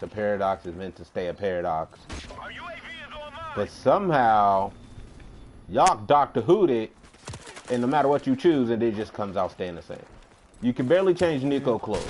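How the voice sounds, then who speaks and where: While streaming a game, a man chats casually, rambling and launching into animated rants with some swearing. His voice is medium-pitched at a normal speed, broken by long pauses, with slight background noise.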